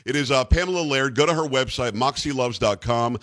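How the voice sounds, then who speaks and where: A man's voice: mid-range voice, a little fast, a bit bright. An American man hosting a talk show interview, chatty and rambling, full of fillers and restarts. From United States. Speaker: radio talk show host.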